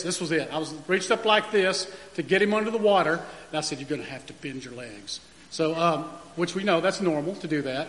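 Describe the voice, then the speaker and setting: Folksy pastor in a reverberant hall. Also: male voice, a little high, a bit bright. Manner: folksy, anecdotal, with frequent fillers and restarts. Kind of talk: storytelling sermon. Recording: long reverb of a large room.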